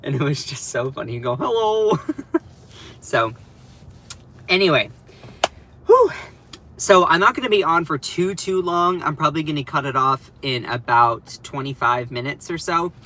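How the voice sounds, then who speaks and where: Bright, chatty young man livestreaming. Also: a little high, expressive, moderate pace, a little hiss or hum. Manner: chatty, rambling, self-deprecating, with laughs and restarts. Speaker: livestream host. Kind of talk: casual livestream commentary. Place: at home over breakfast.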